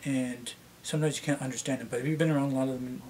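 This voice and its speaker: A man's voice: fairly even intonation, rapid-fire, darkish tone, a little hiss or hum. Canadian man rambling casually. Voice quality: slightly deep voice. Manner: rambling, many restarts and fillers. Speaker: vlogger. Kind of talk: casual rambling chat to camera.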